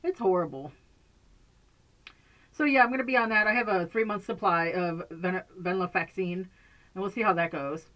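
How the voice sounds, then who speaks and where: A woman's voice: fairly low pitch, normal speed, pauses often, fairly bright tone. A woman chatting casually to camera from a bedroom at home, rambling and laughing often. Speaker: vlogger.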